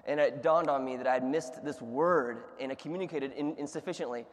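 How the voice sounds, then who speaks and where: A man preaching a sermon, telling funny stories in an animated way and laughing along. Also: medium pitch, fairly quick, few pauses, big-room sound. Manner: animated storyteller, laughs at his own stories. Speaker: pastor.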